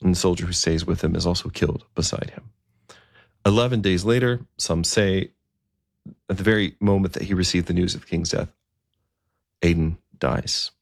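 A man telling a historical story in a relaxed, conversational way, with asides and fillers. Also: deep voice, brisk, creaky, dry recording, clean studio sound.

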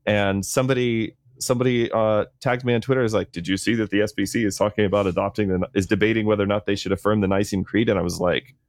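A man's voice: on the low side, steady tone, fast talker, hardly any pauses, no room sound, studio quality. A man co-hosting a podcast, telling stories in a rambling casual way with many fillers. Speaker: podcast co-host. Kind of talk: casual chat.

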